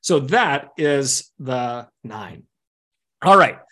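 A man who works as an executive coach, teaching a workshop in an animated way with vivid analogies and asides. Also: mid-range voice, extremely slow.

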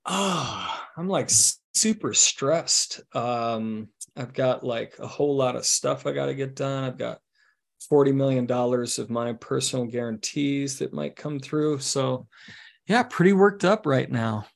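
A laid-back male executive who insists he is stressed but never sounds it, as a man acts him out. The voice drops low and quiet, with a slow, flat drawl. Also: creaky. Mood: mock-stressed.

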